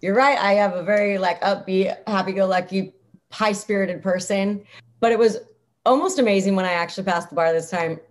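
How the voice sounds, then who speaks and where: A woman's voice: medium pitch, fairly even intonation, brisk. A young adult woman, a guest in an interview, talking casually in an upbeat, chatty way, full of "like" fillers.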